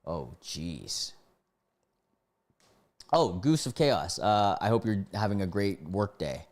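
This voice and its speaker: A man's voice: low voice, very animated, slow pace. A man streaming live, reading stories aloud and breaking off to react and greet his chat.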